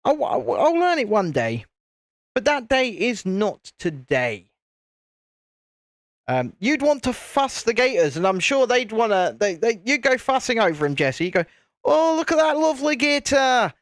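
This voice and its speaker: A British man with a fairly high voice chats casually on a live stream, answering viewers' comments. He is jokey and laughs easily, and often restarts his sentences as he talks. The sound is dry and close, with no room echo. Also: very animated, unhurried.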